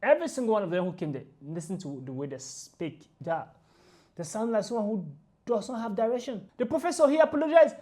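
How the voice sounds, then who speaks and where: A woman ranting through a reaction video, emphatic and indignant, repeating her points forcefully. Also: medium pitch, expressive, fairly quick.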